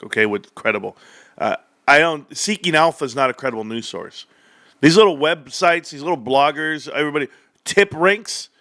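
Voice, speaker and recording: A young man hosting a livestream, talking straight to his viewers in an animated, sarcastic rant. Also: a little high, no room sound, studio quality. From California, United States. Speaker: livestream host. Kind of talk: casual stock-talk livestream rant.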